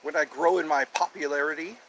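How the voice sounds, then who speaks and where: Goofy high-voiced man rambling. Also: steady tone, a little fast, pushed and bright, slight background noise. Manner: playful, goofy, drifts between topics. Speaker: host. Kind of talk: rambling casual monologue.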